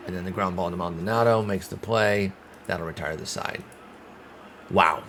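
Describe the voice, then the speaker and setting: A man streaming a baseball management game, calling the plays casually and swinging from calm calls to loud groans and outbursts. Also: sits low, normal speed, slight background noise. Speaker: gaming streamer. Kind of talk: casual play-by-play of a baseball sim.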